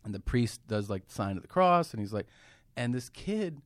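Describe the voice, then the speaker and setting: A man in a podcast studio spins a story with easy energy, swearing often and breaking into laughter along the way. His voice sits at a middling pitch and is recorded close and dry, with almost no room sound. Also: moderate pace, no echo. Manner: animated storyteller, swears freely, laughs while telling. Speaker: comedian guest. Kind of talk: casual storytelling conversation.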